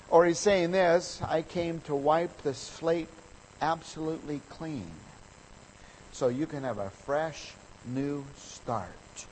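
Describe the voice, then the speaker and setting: A man preaching a sermon, reading scripture and telling an anecdote with lively quoted voices. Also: fairly high pitch, slow pace, a little hiss or hum, low-quality recording. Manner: storytelling, animated with voices for quoted people. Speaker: pastor.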